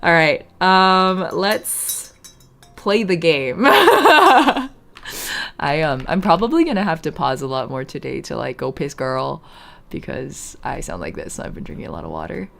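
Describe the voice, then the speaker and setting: A woman streaming live with a hoarse, half-lost voice, rambling casually to her chat and laughing often. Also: sits low, sing-song, a little slow, a bit bright.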